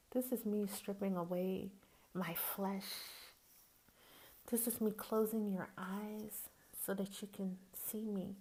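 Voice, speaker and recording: A woman with a Southern accent from Mississippi talks frankly and personally, her voice pitched in an ordinary middle range. She speaks in a folksy, plain-spoken way and addresses the listener as "baby". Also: creaky, warm tone. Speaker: podcast host. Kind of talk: personal monologue.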